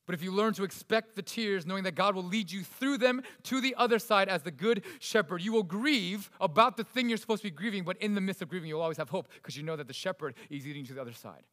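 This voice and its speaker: A man preaching a sermon in a fairly high voice. He moves between forceful, raised emphasis and soft, hushed stretches. The sound carries a long reverb, as in a large hall. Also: fast talker, hardly any pauses. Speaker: pastor.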